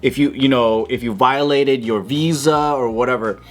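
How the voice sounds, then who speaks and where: A man's voice: medium pitch, moderate pace, soft background music. A married man talking in casual comedy panel chat, rambling with lots of filler words.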